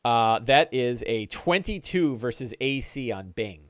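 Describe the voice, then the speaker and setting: Animated dungeon master, dry close mic. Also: male voice, mid-range voice, no room sound. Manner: animated, with quick bursts and filler-laden restarts. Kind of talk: narrating a one-on-one tabletop game.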